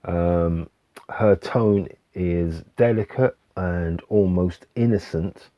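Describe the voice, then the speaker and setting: A man casually reviewing albums he recommends, hesitant with many fillers and restarts, relaxed and enthusiastic. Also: sits low, takes it slowly, no room sound. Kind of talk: casual music review vlog. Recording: dull lo-fi dry recording.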